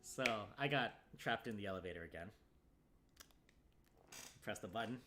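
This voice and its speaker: A man's voice: fairly low pitch, moderate pace, background noise. A man casually telling a story as a streamer, acting out the lines of the people in it. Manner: animated, acts out the other people's lines in his story. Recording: music playing clearly behind.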